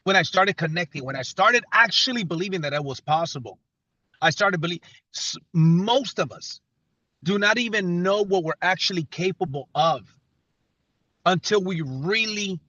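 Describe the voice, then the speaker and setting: A man's voice: sits high, pushed and bright, no room sound, highs cut off. A man leading a team call with an emphatic motivational pep talk, repeating phrases and restarting sentences. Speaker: company leader on a team call.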